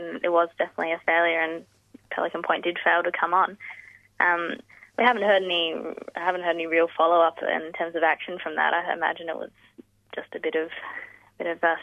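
Her voice sits fairly low, and there's no room sound at all. She talks earnestly as a campaign spokesperson in a community radio phone interview, using fillers and restarting sentences, over a tinny, dry telephone line.

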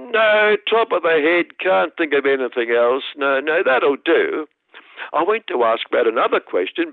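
An Australian man delivers scripted satirical commentary with a sarcastic, mock-indignant edge. His voice sits in a middle pitch range. The sound is dry and squeezed into a narrow, phone-like radio band. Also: dry recording.

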